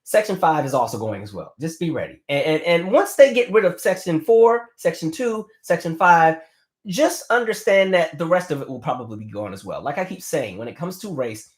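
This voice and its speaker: Fast-talking passionate man, fairly high voice. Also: very animated. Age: 30s. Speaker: political commentary livestream host. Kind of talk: casual livestream commentary.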